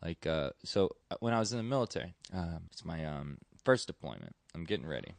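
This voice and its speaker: A man's voice: low voice, very animated, fairly quick, vocal fry, no room sound. A man in his twenties, a comedian guest, tells rambling, profane stories full of fillers in casual chat.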